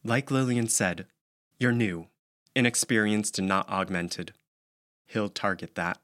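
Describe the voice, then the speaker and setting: A young woman speaks with firm, horrible coldness and no trace of anger, as voiced by a male audiobook reader. The delivery is level and controlled, slightly lower than his narration. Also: unhurried. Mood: cold. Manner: flat and firm, without anger. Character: cold, calm girl, firm and unemotional.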